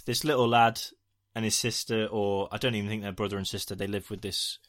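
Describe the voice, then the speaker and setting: Man, low voice, rambling jokey podcast co-host, casual episode recap. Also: steady tone, a little fast, fairly bright tone. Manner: rambling, jokey, acts out lines in silly voices.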